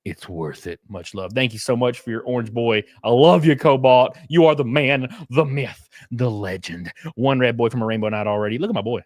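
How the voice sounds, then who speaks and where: A middle-aged man, hosting a casual livestream, joking loudly and reading out chat messages. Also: mid-range voice, a little fast, hardly any pauses, dry recording, studio quality. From Alabama. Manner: loud, joking, reads chat. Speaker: streamer host. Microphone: headset.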